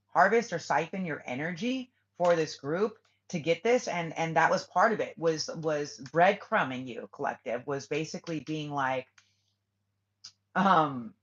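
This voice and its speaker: A tarot reader gives her viewers a casual spiritual reading, blunt and swearing freely as she acts out what people say. Her voice is deep and a bit bright, and the lo-fi audio sounds muffled.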